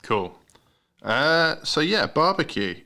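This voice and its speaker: A man's voice: fairly high pitch, sing-song, slow, sharp tone. A British man hosting a podcast, chatting casually, laughing easily and restarting his phrases. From United Kingdom. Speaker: podcast host. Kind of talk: casual interview chat.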